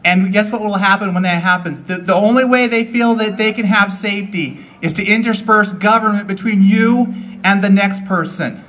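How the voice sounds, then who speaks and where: A man's voice: high voice, moderate pace, fairly bright tone, recorded from a distance. A man giving an earnest, rousing political speech at an outdoor rally. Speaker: rally speaker.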